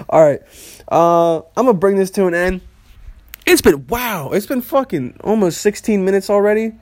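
Profane rambling young man, higher voice. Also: expressive, moderate pace, a little mellow, dry recording. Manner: profane, rambling, laughs at his own jokes. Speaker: podcast host. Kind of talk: casual solo podcast rant.

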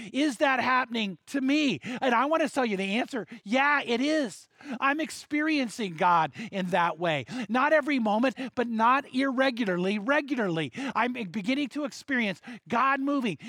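Older male pastor, fairly high voice, emphatic sermon delivery, dry close sound. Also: a bit bright, dry recording. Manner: emphatic, repetitive storytelling.

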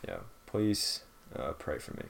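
A man's voice: measured pace, a bit bright. A young man co-hosting a podcast, laid-back and self-mocking in casual chat. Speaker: podcast co-host.

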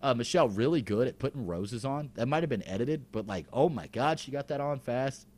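A man's voice: medium pitch, animated, brisk, a little mellow. A man co-hosting a podcast, talking in a laid-back, wry way with frequent restarts. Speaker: podcast co-host. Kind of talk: casual recap chat.

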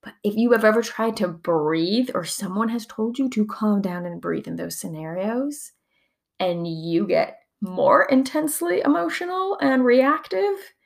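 A young woman with a creaky, gravelly edge to her voice talks through a somatic coaching lesson. She keeps it casual and chatty, with plenty of fillers and frequent laughs. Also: medium pitch, animated, a little slow. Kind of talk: casual teaching talk.

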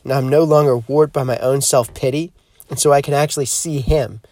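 A man hosting a podcast, giving a reflective spiritual teaching in a measured, earnest way that slows down to stress key points. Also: mid-range voice, steady tone, mellow, no room sound. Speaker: podcast host.

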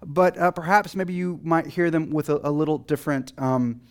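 A man's voice: fairly high pitch, normal speed. A man from Texas with a light Texan accent, a pastor giving a conversational sermon full of fillers and restarts.

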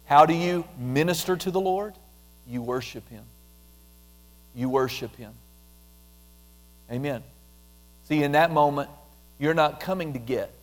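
A man preaching a conversational sermon, repeating phrases and dropping into a soft, quiet voice when he prays aloud. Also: on the high side, unhurried, long pauses. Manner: conversational, repetitive, drops softly into prayer voice.

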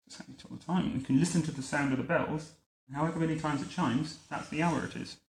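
A man's voice: a little high, fairly even intonation, quick pace, reverberant, a little hiss or hum, lightly acted, low-quality recording. A man reading a storybook aloud, voicing a haughty old queen who gives orders in a stately manner. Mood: explaining.

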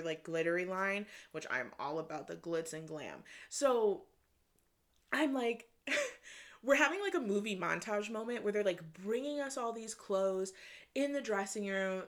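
A woman from Michigan, hosting a podcast, telling a personal story in an excitable, casual way, with lots of "like" and some swearing. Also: medium pitch, moderate pace. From Michigan, USA. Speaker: podcast host.

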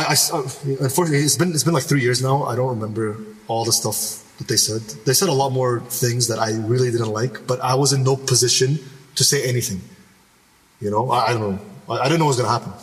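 A man's voice: medium pitch, in a large hall, recorded from a distance. A young man from Canada telling a personal story in casual podcast chat, rambling with many restarts and asides.

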